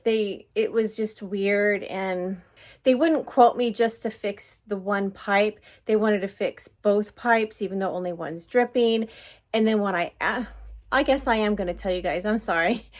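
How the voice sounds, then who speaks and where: A middle-aged woman holds her phone at arm's length for a casual vlog, speaking unhurriedly in a mid-range voice. She rambles, apologizes and vents about something irritating that happened.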